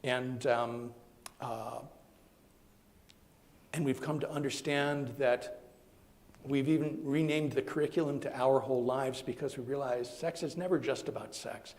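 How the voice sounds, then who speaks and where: A minister giving a sermon in an animated, conversational storytelling manner, with plenty of fillers and restarts. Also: male voice, medium pitch, unhurried, long pauses.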